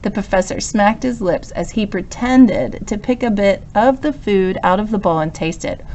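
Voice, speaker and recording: A woman's voice: mid-range voice, animated, moderate pace, darkish tone. Woman reading a storybook aloud. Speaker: storybook reader. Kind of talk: read-aloud storybook narration.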